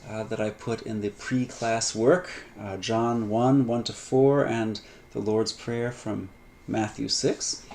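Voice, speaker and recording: A man lecturing on Greek grammar in a relaxed, unscripted way, with many fillers, restarts and light asides. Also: lowish voice, slow pace, creaky, a little hiss or hum. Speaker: Greek instructor. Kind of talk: recorded lecture.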